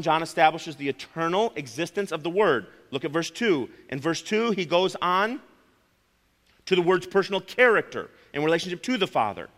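Man, preacher, bright forceful voice, slightly high, long hall reverb. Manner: emphatic, repeats key phrases, addresses listeners as friends. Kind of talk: sermon.

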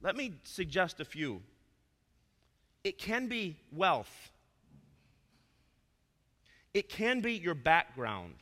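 A man's voice: a little high, very animated, slow pace, long pauses. Preaching man in an echoing hall. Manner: emphatic, swings between loud proclamation and soft asides. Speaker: pastor. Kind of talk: sermon. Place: church sanctuary. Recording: long reverb of a church hall.

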